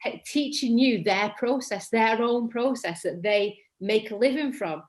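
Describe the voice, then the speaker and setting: A woman's voice: a little high, measured pace. A woman in her thirties with a Mancunian accent, chatting as a guest in an interview, rambling and correcting herself as she goes. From England. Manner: says her voice tends to be monotonous. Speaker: guest actor. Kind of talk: casual interview chat.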